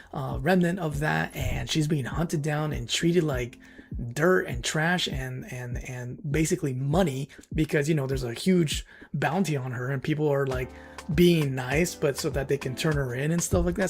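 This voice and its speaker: A man hosting a livestream, telling a story in casual, excited, rambling chat full of fillers and emotional outbursts. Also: a little high, creaky. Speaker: streamer and channel host.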